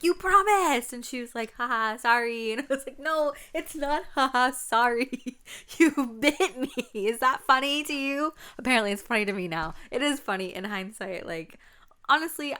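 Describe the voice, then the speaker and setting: Chatty young woman with a smooth voice. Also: on the low side, fairly bright tone. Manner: chatty, laughing, acts out quotes. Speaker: podcast host. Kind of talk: casual solo storytelling.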